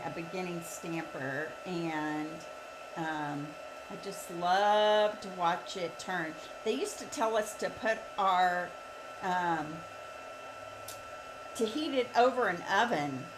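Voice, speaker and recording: A woman's voice: fairly low pitch, background noise. Chatty woman demoing a stamping craft. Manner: chatty, with frequent "okay?" and "um". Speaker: stamping demonstrator. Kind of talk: live crafting demo.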